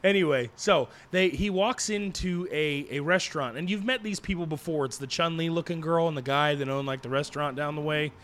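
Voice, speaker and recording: A man co-hosting a podcast, recapping an anime episode in a rambling, jokey way with lots of fillers and quick put-on character quotes. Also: fairly high pitch, fairly bright tone. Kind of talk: casual chat.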